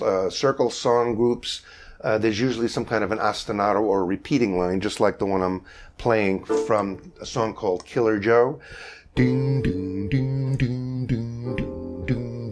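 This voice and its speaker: An older man with a fairly low voice leads a vocal jazz masterclass. He explains at an easy pace, pausing on fillers, then breaks into sung bass syllables to show each technique. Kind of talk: masterclass lesson with sung demonstrations.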